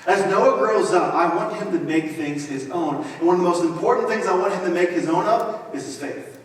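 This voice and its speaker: A man's voice: high voice, a little fast, far from the mic. Man preaching a casual, joking sermon. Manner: conversational, joking asides. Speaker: pastor. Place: large church auditorium. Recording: echoey hall, mic from afar.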